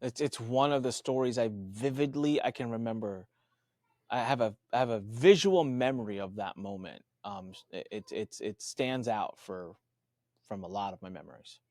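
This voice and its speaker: A man's voice: normal speed, no room sound, clean studio sound. A man as a podcast guest, telling a story with lots of fillers and restarts, acting out the other people's voices. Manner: animated, acts out quoted voices with big pitch jumps. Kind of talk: storytelling in an interview.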